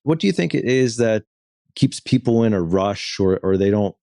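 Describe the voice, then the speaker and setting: A man's voice: fairly low pitch, expressive, moderate pace, warm tone, no room sound, clean studio sound. A man hosting an interview podcast, explaining ideas at length and asking long questions. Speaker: podcast host.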